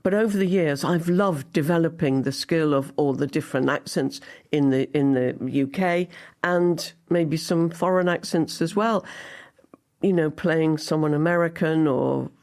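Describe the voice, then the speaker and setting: A woman's voice: sits low, moderate pace, gravelly, a little mellow. A woman in her seventies from Liverpool, a guest actress telling anecdotes in an interview and acting out her own past thoughts as she goes. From Liverpool, England. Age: 70s.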